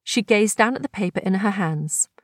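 Reading a novel aloud from a script, a woman narrates audiobook-style with calm, measured storytelling. She's at a medium pitch, recorded in a clean studio with no echo.

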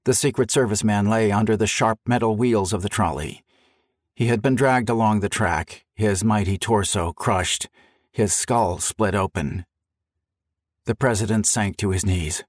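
A man's voice: on the low side, unhurried, no echo. A man narrating a historical story for an audiobook, telling it in a dramatic, vivid way.

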